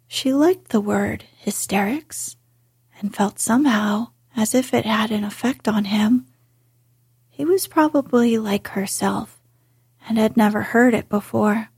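A woman reading a classic story aloud in a soft, unhurried whisper. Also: fairly high pitch, slightly rough, dry recording, studio quality. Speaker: narrator.

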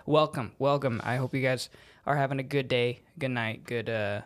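A woman's voice: extremely low pitch, steady tone, moderate pace. A woman co-hosting a casual podcast, playful and giggly as she teases herself. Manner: giggly, playful, self-teasing. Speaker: podcast co-host. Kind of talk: casual chat.

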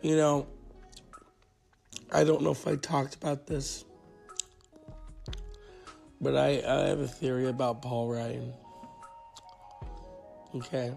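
Gravelly, foul-mouthed man ranting solo. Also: mid-range voice, flat delivery, takes it slowly, long pauses, a little mellow, soft background music. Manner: profane, sarcastic, rambling. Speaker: podcast host. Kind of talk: casual solo podcast rant.

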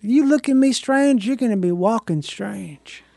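A man doing a slow, menacing cowboy. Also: very high-pitched, lively intonation, creaky, a little mellow, no room sound, exaggerated voice. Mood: threatening. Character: gruff tough male cowboy of the Old West.

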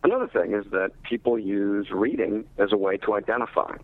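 A man, a literacy researcher and teacher, explaining his findings in a thoughtful, measured way during an interview. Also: lowish voice, creaky, no echo. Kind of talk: interview over phone. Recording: tinny phone line.

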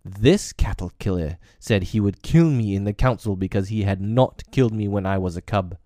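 A man's voice: lowish voice, normal speed, mellow, dry recording, studio quality, natural voice. A man voicing a defiant young man-cub raised by wolves, with commanding, old-fashioned speech, in an audiobook reading.

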